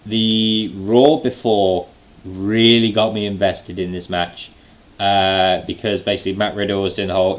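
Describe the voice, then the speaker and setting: A young man recapping a live event in a casual, excited way, full of fillers and restarts. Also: on the low side, a little slow, poor audio. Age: late 20s. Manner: excited, rambling with many fillers. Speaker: wrestling fan vlogger.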